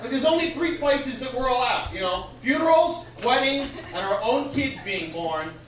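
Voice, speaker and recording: A man's voice: very high voice, animated, moderate pace, fairly bright tone, slight background noise. A young man from Canada doing a stand-up comedy set, rambling and self-deprecating and then building into exasperated rants. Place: comedy club stage with audience. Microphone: handheld stage mic, filmed from far in the room. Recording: echoey club recording from far off.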